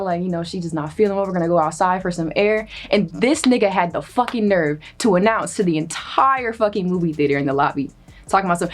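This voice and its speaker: A young woman telling a comedic personal story in a casual, animated way, cursing freely and acting out what others said. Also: on the low side, fast talker, faint music behind. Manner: animated, profane, acts out quoted voices. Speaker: storyteller guest.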